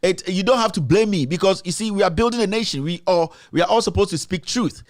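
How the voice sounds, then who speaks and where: A man's voice: high voice, quick pace, no echo. Ghanaian guy ranting on a political stream, keeps repeating himself, english and twi mixed, dry sound. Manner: impassioned, repetitive, mixes English with Twi. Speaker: political commentary host. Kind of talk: live-streamed political commentary.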